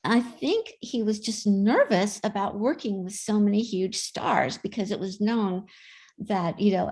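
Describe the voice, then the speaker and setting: A woman's voice: medium pitch, a little slow, darkish tone. A woman guest in an interview, chatting and telling stories in an easy way. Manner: chatty anecdotal storyteller. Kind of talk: casual interview storytelling.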